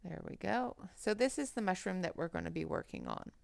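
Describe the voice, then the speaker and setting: Woman, livestream host, unhurried and chatty, slight fry, headset mic, dry sound. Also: on the low side, animated, dry recording. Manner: chatty, greets viewers by name between colouring steps. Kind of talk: casual livestream chat while colouring.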